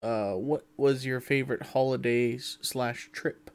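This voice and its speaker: A man's voice: medium pitch, steady tone, a little slow, smooth. A man co-hosting a podcast in casual chat, reading out listener questions and answering in a laid-back way.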